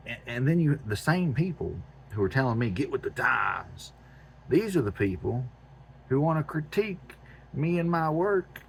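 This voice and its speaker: A man's voice: fairly high pitch, darkish tone, slight background noise. A man, hosting a homestead channel, ranting bluntly and with exasperation, repeating phrases for emphasis. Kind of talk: ranting monologue to camera.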